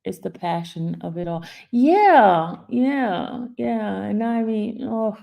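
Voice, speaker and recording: Gravelly emotional woman livestream host. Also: medium pitch, expressive, takes it slowly, dark tone. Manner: emotional, laughing through tears. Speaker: YouTube host. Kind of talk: casual live-stream chat reading comments.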